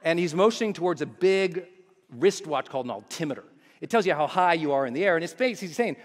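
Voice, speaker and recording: A man's voice: a little high, fast talker. A man giving a motivational keynote, telling a story with energy and acting out voices and screams. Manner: animated, acts out voices and screams. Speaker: motivational speaker. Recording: live hall reverb, faint noise.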